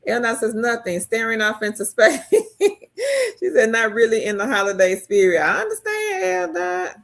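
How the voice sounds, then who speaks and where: A woman hosting a casual live stream, reading viewer comments aloud and answering them in a chatty way, her pitch jumping high when she gets excited. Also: normal speed.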